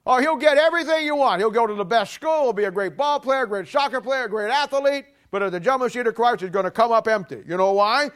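A man preaching a sermon emphatically, voice dropping low and soft at the ends of points. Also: a little fast, few pauses. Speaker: pastor.

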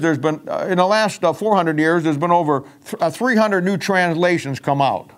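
A man's voice: on the high side, normal speed. A man preaching a folksy, emphatic sermon-style Bible teaching, with frequent restarts.

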